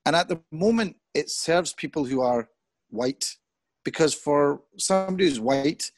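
A middle-aged man talking in an earnest, thoughtful way as an interview guest. He grows animated when he quotes other people. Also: mid-range voice, dry recording. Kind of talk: reflective conversation.

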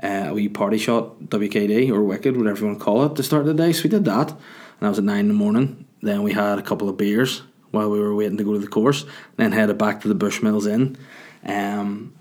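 Low-voiced man telling a rambling story. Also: brisk, a little mellow. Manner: rambling, jokey, self-mocking. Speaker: vlogger. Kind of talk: casual storytelling.

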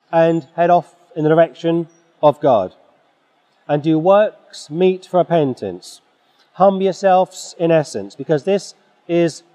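A man preaching a forceful, exhorting sermon, clearing his throat now and then. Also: a little high. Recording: dull sound in a reverberant hall.

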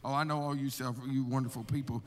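A male missionary preaching a testimony sermon, animated and storytelling, acting out his own prayers and calling listeners brother. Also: medium pitch, fast. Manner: calls listeners brother, laughs between stories. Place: church sanctuary. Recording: long hall reverb from a church.

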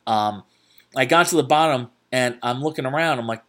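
A man's voice: medium pitch, brisk, a bit bright. A young man hosting a podcast, telling a story casually with swearing, self-mockery and lots of restarts. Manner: rambling, profane, self-mocking, many restarts. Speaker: podcast host.

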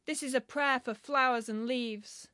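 A woman reading a translated poem aloud in a measured, solemn recitation. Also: high voice, fairly even intonation, bright, forceful tone, smooth, no room sound, studio quality. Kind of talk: poetry reading.

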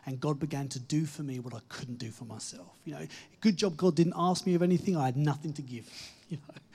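A man delivers an earnest sermon, encouraging his listeners and leaning hard on key phrases before easing into quieter moments. His voice has a slightly husky edge. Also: a little high, fast talker. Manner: earnest, encouraging, emphatic with soft dips and laughs. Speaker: preacher.

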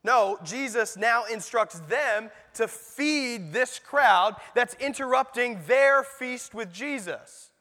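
A male pastor preaches in a high, bright, forceful voice. He talks to the congregation conversationally and drops in rhetorical asides. His words ring out with the long reverb of a church sanctuary. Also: animated, takes it slowly, hardly any pauses. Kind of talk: sermon.

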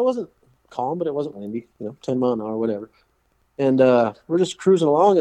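Guest: a fishing guide spinning yarns, loose and chuckling, dry close sound. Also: male voice, medium pitch, a little mellow, no echo. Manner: rambling, laughing, loose with fillers. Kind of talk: casual storytelling.

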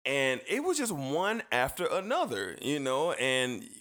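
A man's voice: medium pitch, unhurried. A man hosting a sports talk show, chatting casually and easily, often repeating words as he goes. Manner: relaxed, repeats words, slangy. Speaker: sports podcast host.

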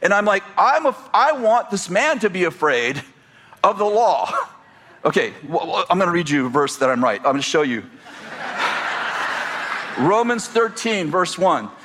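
A man preaching a sermon, animated and joking as he tells stories to his congregation. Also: high voice, normal speed, slight background noise. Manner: animated, storytelling with humor and asides. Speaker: pastor.

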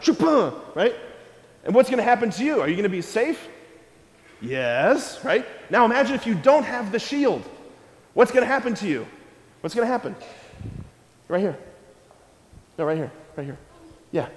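A priest gives a lively children's homily in a fairly high voice, questioning his young listeners and repeating his key phrases. He is heard in a large church whose echo rings out with a long reverb tail. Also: normal speed, pauses often.

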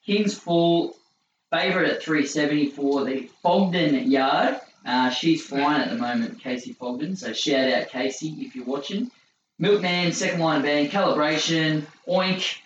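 A man's voice: fairly high pitch, normal speed, slight background noise. A young man co-hosting a racing podcast, giving tips in a laconic, joking way. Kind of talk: casual tipping chat. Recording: roomy, distant, dull sound.

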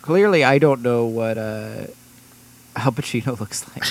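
A man chatting casually on a podcast, rambling and self-mocking, quick to laugh. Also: mid-range voice, gravelly. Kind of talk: casual chat.

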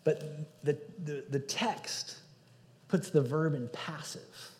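A man preaching a sermon as pastor, earnest, moving between loud emphasis and hushed passages. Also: on the high side, slow. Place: church sanctuary. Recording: hall reverb.

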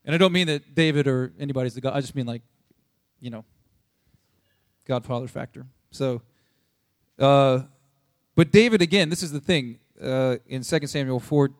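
Animated man retelling a sermon story. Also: medium pitch, normal speed, pauses often, no echo, studio quality. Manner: animated, slangy, jumps into voices for quoted people. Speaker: preacher.

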